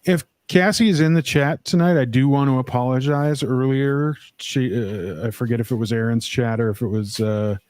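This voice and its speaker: A man co-hosting a live stream in casual chat, easygoing and often pausing on fillers. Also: mid-range voice, darkish tone, clear, resonant tone, dry recording. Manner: easygoing, many fillers and restarts. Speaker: livestream co-host.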